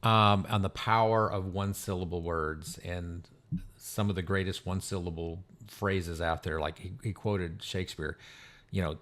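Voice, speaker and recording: A man's voice: sits low, fairly even intonation, unhurried, a bit bright. A man co-hosting a podcast, a lawyer talking in casual conversation with frequent fillers. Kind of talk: casual professional chat.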